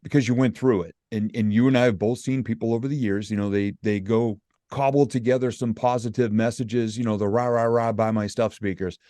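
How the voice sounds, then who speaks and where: A man's voice: medium pitch, warm tone, no echo, studio quality. An American man hosting a radio interview, talking in an upbeat, folksy, storytelling way. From United States. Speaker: radio show host. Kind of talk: casual interview chat.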